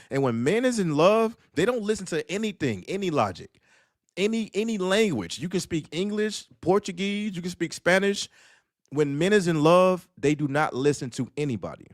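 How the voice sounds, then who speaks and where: A man's voice: high-pitched, very animated, moderate pace, no room sound, studio quality. A man on an online talk panel, ranting in a casual, emphatic and repetitive way and acting out the voices in his stories. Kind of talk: casual commentary rant.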